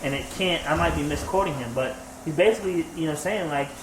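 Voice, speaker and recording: A man co-hosting a casual podcast discussion, relaxed and agreeable, paraphrasing what others said. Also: a little high, fast. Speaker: podcast co-host. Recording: echoey room with faint hiss.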